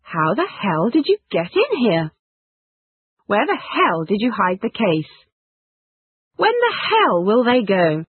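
A woman reads short example phrases with animated, swooping intonation. Her slightly husky voice is close and dry, with a narrow, tinny, phone-like sound. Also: mid-range voice, slow, long pauses, dry recording. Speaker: English phrase teacher. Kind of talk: scripted example sentences.

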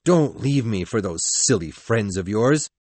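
A man's voice: fairly low pitch, lively intonation, unhurried, darkish tone, no room sound. A man voicing a brooding, jealous young man who speaks curtly and demandingly in a read-aloud story. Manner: curt and demanding.

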